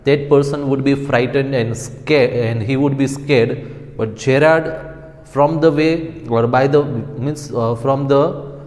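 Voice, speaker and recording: Teacher explaining a lesson. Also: male voice, medium pitch, fairly even intonation, a little mellow. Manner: explains slowly, checks with "right?". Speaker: school English teacher. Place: school. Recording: long reverb.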